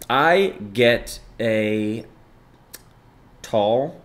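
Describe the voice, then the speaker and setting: A young man chats casually on a live stream with an average-pitched voice. He reads viewer messages aloud and thanks them, swinging from sudden loud excitement to low, muttered asides. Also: slow pace. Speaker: livestreamer.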